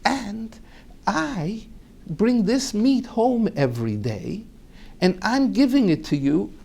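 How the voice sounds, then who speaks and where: A man voicing a powerful, hot-tempered man who bursts out loudly in a raised voice. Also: high voice, very animated, slow, creaky, voice pushed up, heavily acted. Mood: agitated. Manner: loud, indignant outbursts.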